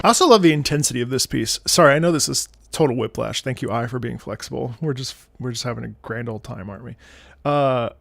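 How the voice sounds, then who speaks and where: A man streaming casually, rambling in quick asides, swearing freely and laughing loudly. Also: mid-range voice, vocal fry, dry recording, faint music behind. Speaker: streamer reacting to music.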